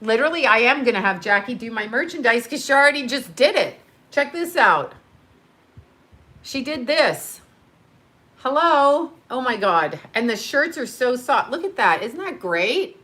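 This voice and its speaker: A middle-aged woman hosting a casual live stream, gushing and excitable, laughing often and breathing heavily. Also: fairly high pitch, moderate pace. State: heavy breathing.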